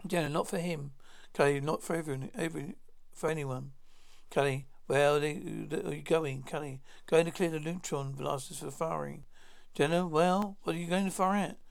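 Male reader with a gravelly, somewhat high voice who plainly reads out a drama script, speaker names included. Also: steady tone, moderate pace, few pauses. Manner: announces each speaker's name before the line. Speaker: narrator reading all parts. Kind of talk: plain read-through of a script.

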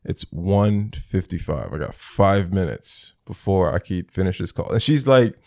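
A young man with a low, gravelly voice tells stories in loose, casual chat. He jumps into the voices of the people he talks about. The sound is close and dry, with no room around it. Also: a little slow, dry recording. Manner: animated storyteller, acts out both sides of phone calls.

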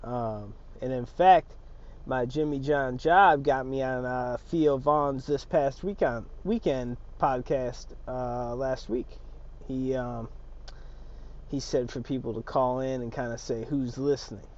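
A man's voice: mid-range voice, takes it slowly, darkish tone, lo-fi sound. A man hosting his own podcast alone, in a loose, slangy, profane and rambling monologue. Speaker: solo podcast host.

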